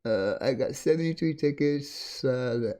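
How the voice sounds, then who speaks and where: Chuckling often and greeting viewers by name, a middle-aged man runs a casual livestream from home, close to a desk condenser microphone. His mid-range voice is warm, and he speaks a little slowly.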